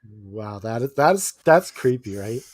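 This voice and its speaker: A podcast co-host tells stories in casual chat, laughing often as he acts out quoted lines. His medium-pitched voice moves slowly with big swings in pitch, and there's no room sound.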